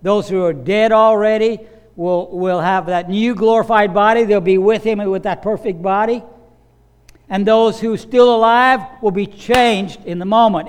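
A pastor preaching a sermon, earnest with playful asides. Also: male voice, sits high.

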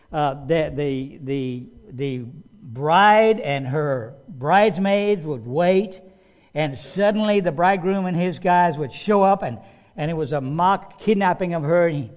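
A man preaching a sermon in an animated way, restarting phrases and raising his voice for quoted commands. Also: a little high. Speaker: pastor.

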